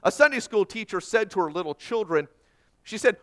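A preacher telling a story from the pulpit, leaning into dramatic pauses. His voice is high for a man and swings widely in pitch. He builds the tale toward its message. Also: expressive. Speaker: pastor. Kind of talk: sermon.

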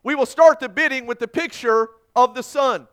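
A man's voice: very high voice, normal speed, a bit bright, smooth, voice pushed up. A man voicing a persistent male auctioneer who keeps calling for bids, within a sermon story. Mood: insistent. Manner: insistent, repeating calls for bids.

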